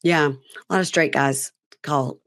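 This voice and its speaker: Woman, low voice, co-host, relaxed casual chat, dry sound. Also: measured pace, no echo. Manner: relaxed, agreeable, many "mm-hmm"s. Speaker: podcast guest co-host.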